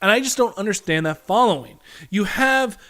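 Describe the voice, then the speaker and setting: A man's voice: high-pitched, animated, moderate pace, sharp tone. A young man hosting a casual movie review vlog, talking bluntly and animatedly and swearing freely. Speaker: movie vlogger.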